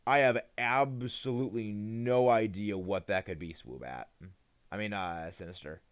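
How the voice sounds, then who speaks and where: A man's voice: lowish voice, normal speed, smooth. A tired young man chatting casually on a live game stream, rambling and hesitant, often restarting his sentences. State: tired, yawning.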